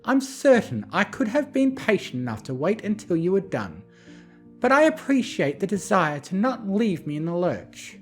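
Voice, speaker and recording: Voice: mid-range voice, sing-song, moderate pace, soft background music, voice pushed up, lightly acted. A narrator voicing a refined, elegant female pony who speaks in a prim, genteel way. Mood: gentle.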